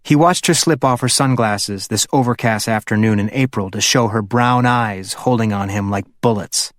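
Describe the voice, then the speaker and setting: A man narrating an audiobook in a steady, understated way. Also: on the low side, moderate pace, dry recording, studio quality.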